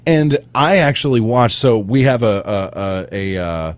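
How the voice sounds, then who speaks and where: A man hosting a morning radio show in a studio, telling stories in a rambling, animated way with lots of restarts. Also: medium pitch, measured pace, no echo. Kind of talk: casual radio chat.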